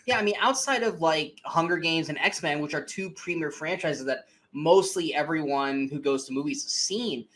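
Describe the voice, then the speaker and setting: A man's voice: on the high side, normal speed, hardly any pauses, a bit bright. Blunt, profane young man ranting about films. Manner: blunt, profane, emphatic opinions. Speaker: podcast co-host. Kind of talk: casual film discussion.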